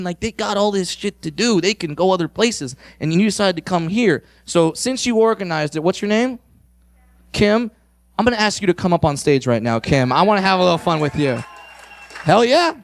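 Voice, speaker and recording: A man's voice: high-pitched, no room sound. A man doing a stand-up set, brash and crude, working the crowd and teasing audience members from the stage. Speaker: stand-up comedian. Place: on stage at a comedy club.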